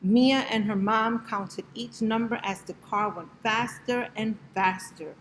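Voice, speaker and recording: Slow, gentle woman reading a picture book. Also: fairly high pitch, a little hiss or hum, poor audio. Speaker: storybook reader.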